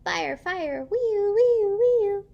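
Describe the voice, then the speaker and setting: An excited little boy pilot from a storybook, high and eager, breaking into siren noises. A woman reads him with a gravelly edge. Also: normal speed, muffled recording.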